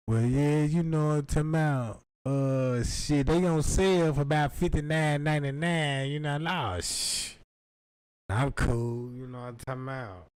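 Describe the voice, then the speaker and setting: A man rambles through a loose, profane comic story, dropping in quick put-on voices as he goes. His voice sits on the higher side for a man. The sound is close and dry, with no room around it. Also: a little mellow, clean tone, no echo, poor audio. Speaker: comedian.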